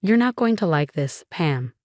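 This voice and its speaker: A woman's voice: fairly low pitch, lively intonation, normal speed, no echo, clean studio sound, close to an everyday voice. A woman voicing a grim, tech-savvy young man who states things matter-of-factly.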